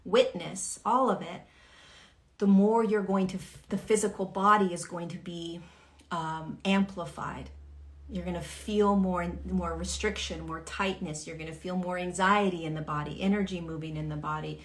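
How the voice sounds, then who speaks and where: A woman's voice: lowish voice, a bit bright. A woman teaching on a livestream in a casual, earnest way. She swears freely and acts out the voices of the people in her examples. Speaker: spiritual teacher hosting a livestream.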